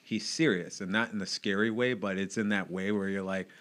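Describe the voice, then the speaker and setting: A man in his late thirties talks as a podcast guest, open and reflective. His voice sits a little low but comes across bright and forward. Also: flat delivery, brisk. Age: late 30s. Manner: open and reflective, laughs often. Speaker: podcast guest, evangelist and motivational speaker. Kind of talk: casual chat.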